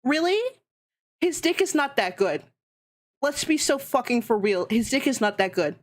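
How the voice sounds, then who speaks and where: A woman's voice: on the high side, animated, moderate pace. A young woman streamer ranting heatedly and sarcastically in casual chat, swearing constantly.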